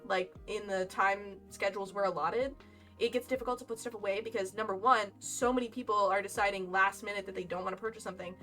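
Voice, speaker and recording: A woman's voice: mid-range voice, fairly even intonation, fast, sharp tone, distant mic. A young woman streamer telling a casual story, chatty and rambling with frequent laughs. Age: young adult. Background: lo-fi game music.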